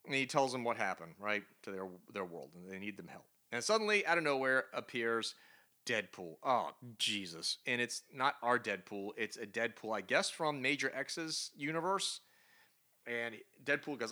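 A man's voice: medium pitch, big pitch swings, normal speed, pushed and bright. A man co-hosting a podcast, chatting casually about comic books and reading the dialogue aloud with lots of laughter. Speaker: podcast co-host. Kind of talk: casual comic book review chat.

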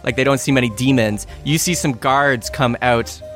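Brief: male game master narrating a tabletop game, medium pitch, halting delivery, loud background music. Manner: descriptive, halting with fillers.

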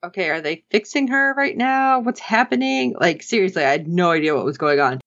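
Woman podcast co-host, lively and expressive, slightly dull lo-fi sound. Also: a little fast. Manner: animated, acts out characters' lines with big pitch jumps. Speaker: podcast co-host recapping an episode. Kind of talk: casual chat.

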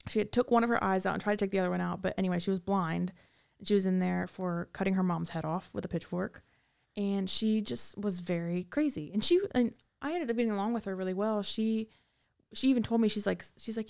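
A woman's voice: medium pitch, fairly even intonation, a little fast, gravelly, a little mellow. A woman rambling through stories of her time in prison, in a casual interview. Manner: rambling, many fillers and restarts. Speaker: guest recounting prison time. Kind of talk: casual storytelling.

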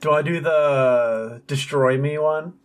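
Man, podcast co-host, casual lore chat, laid-back, teasing, slightly high voice. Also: slow.

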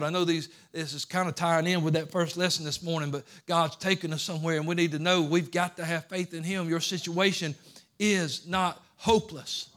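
A pastor preaching a sermon to his church in a folksy, plainspoken way, rising into loud pleading cries and shouts. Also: fairly high pitch. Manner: folksy Southern-style grammar like ain't and gonna. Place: church sanctuary.

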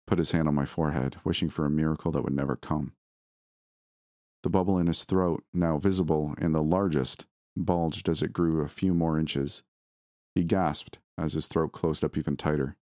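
A man reads a horror story aloud in a steady, somber storytelling manner. His voice is very low, and the recording is dry and close, with no room echo. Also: moderate pace. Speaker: narrator. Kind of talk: scripted horror story narration.

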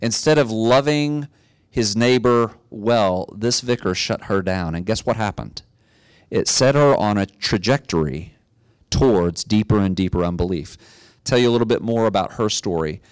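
Middle-aged guy preaching, chatty storytelling then gets loud and emphatic, dry close mic. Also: lowish voice, moderate pace, clear, resonant tone, no echo. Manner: conversational storytelling that builds to emphatic, rising exhortation. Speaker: pastor. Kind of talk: sermon.

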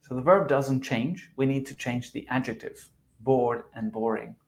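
A man's voice: mid-range voice, moderate pace. South American Spanish-accented man teaching. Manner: patient explaining, chuckles at slips. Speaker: English teacher, podcast co-host. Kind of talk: conversational podcast lesson.

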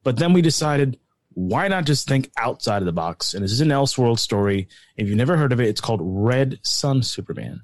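A man's voice: medium pitch, expressive, a little fast, dry recording. A middle-aged man hosting a casual movie chat over a video call, upbeat and chatty, often correcting himself. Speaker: podcast host.

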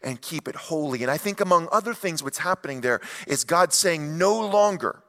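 A male pastor delivers a sermon with animated emphasis and folksy asides. His voice sits fairly high and rings bright and forceful. It carries the long reverb of a large hall. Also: fairly quick. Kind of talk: expository sermon.

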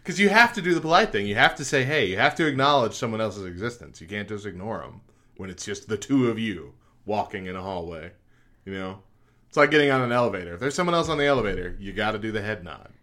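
Man, podcast co-host, lowish voice, bright tone, self-mocking, laughs a lot. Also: expressive, fast. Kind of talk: casual chat.

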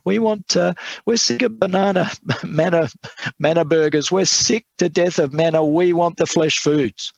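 A man voicing the complaining Israelites in a high, whining, nagging voice during a Bible lesson. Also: a little slow, vocal fry, no room sound, lo-fi sound.

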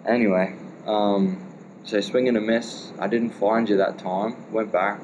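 Halting low-voiced Australian man in his thirties. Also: fairly even intonation, darkish tone, slight background noise, poor audio. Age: 30s. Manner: rambling, halting, with swearing. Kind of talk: casual storytelling chat.

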